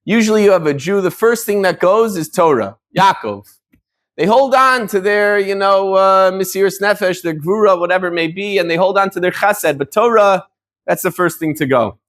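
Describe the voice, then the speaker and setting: A man with a high voice gives a Torah lesson as a rabbi. He explains in an easy, talky way, often restarting his phrases and using Hebrew terms in Ashkenazi pronunciation. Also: moderate pace, a bit bright. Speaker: rabbi teaching a Torah class.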